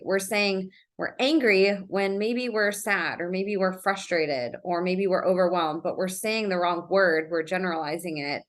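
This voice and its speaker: A woman's voice: medium pitch, fairly bright tone. A woman co-hosting a podcast, speaking casually as she reflects on ideas and explains them. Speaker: podcast co-host. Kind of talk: casual chat.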